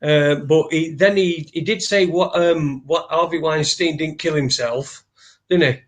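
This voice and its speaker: A man hosting a relaxed live chat show, his voice sitting a little high. He rambles, restarts his sentences and swears casually as he talks. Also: unhurried. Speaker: host.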